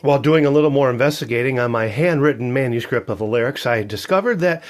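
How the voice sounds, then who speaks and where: A man in his fifties chatting casually about his record collection, jokey and animated. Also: medium pitch, fast talker. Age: 50s. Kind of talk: casual show-and-tell vlog.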